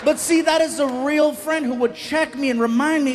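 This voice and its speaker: A man telling stand-up comedy stories in an animated, self-mocking way. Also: very high voice, normal speed, some chatter behind. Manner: animated, self-mocking, acts out the voices of others.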